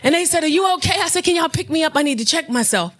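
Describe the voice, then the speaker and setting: A stand-up comedian, telling a loud, profane story on stage with punchy delivery. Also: female voice, high voice, animated, fast, soft background music. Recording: noisy live club recording. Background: audience laughter.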